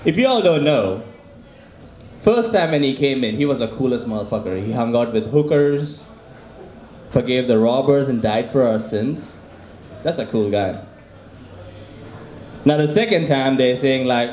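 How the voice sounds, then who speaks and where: A man doing a stand-up set at an open mic, speaking at a middle pitch into a handheld stage mic. He repeats his punchlines with crude, deadpan humor. The room gives his voice a clear echo. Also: measured pace, long pauses. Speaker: stand-up comic. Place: small open mic venue. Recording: echoey room.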